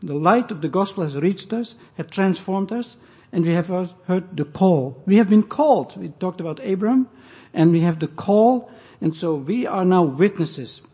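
A man preaching an expository sermon, deliberately explaining scripture and the Greek and Hebrew words. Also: high-pitched, animated, dark tone, slightly rough. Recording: muffled, echoey hall recording.

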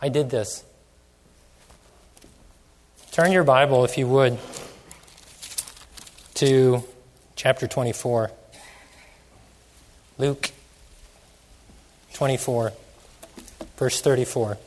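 Slow, measured preacher in echoing hall. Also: male voice, mid-range voice, fairly even intonation. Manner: questioning, drawn-out emphatic phrases. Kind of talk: sermon. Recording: long hall reverb.

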